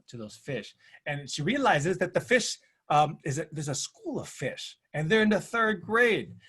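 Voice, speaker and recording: Husky man with rhythmic emphatic phrasing. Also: a little high. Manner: storytelling with acted quotes. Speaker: panel presenter. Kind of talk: presentation talk.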